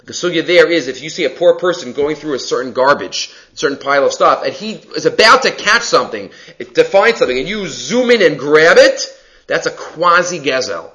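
A man teaching a text study class, reading passages aloud and explaining them in a relaxed, conversational way. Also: a little high, a little fast, lo-fi sound. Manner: answers student questions. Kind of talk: Talmud class lecture.

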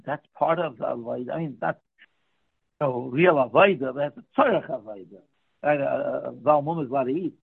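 A man's voice: medium pitch, vocal fry, slightly rough. A man teaching a daily Talmud class, explaining the text by posing questions and answering them himself. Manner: explains by asking and answering his own questions. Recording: tinny phone-like line.

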